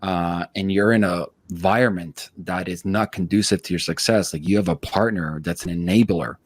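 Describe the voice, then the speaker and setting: A man with a deep, low voice hosting a casual podcast chat. He talks bluntly and swears freely, with restless, hyperactive energy. The sound is dry and close, with no room echo. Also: fairly even intonation, normal speed, husky. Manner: blunt, profane, high-energy storytelling; self-described hyperactive. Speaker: podcast host.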